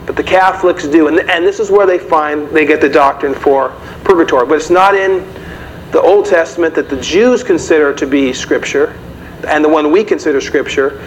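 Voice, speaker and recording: Man preaching to his congregation. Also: fairly high pitch. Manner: conversational, asks the audience questions. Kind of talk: sermon. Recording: dull, slightly noisy recording.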